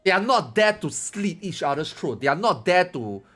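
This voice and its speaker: A man's voice: high-pitched, big pitch swings, moderate pace, a bit bright, faint music behind. A male gaming streamer giving a casual opinion rant, rambling, repetitive and emphatic.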